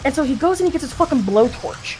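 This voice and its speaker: A woman's voice: high-pitched, lively intonation, fast, a little mellow, soft background music. A young woman telling a long family story in casual chat, rambling with lots of fillers, swearing freely and laughing often.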